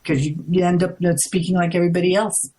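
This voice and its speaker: A low-voiced woman with a New York accent tells her story as an interview guest. Her voice is husky and a little breathy. She jumps higher in pitch whenever she acts out what someone said. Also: fast talker. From United States. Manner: chatty, acts out quoted lines with lively pitch jumps.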